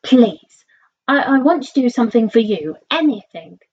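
A woman's voice: fairly high pitch, very animated, moderate pace, a little mellow, distant mic. A woman doing a chirpy mother bird. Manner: chirpy and effusive. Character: grateful fussing mother bird. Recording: slightly dull lo-fi recording.

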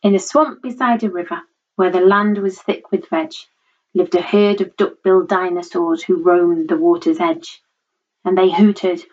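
A woman reading a rhyming picture book aloud in a measured, rhythmic way. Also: on the low side, steady tone, a little mellow. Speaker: storyteller. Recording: dull lo-fi recording.

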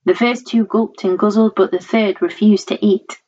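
A woman reading a rhyming picture book aloud in a measured, rhythmic way. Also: mid-range voice, fairly even intonation, warm tone. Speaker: storyteller. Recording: dull lo-fi recording.

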